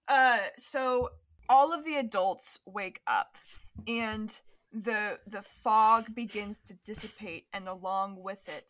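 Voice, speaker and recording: A woman narrating a tabletop game as game master, chatty with quick restarts. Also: medium pitch, a bit bright. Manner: chatty, fast, with restarts and laughs.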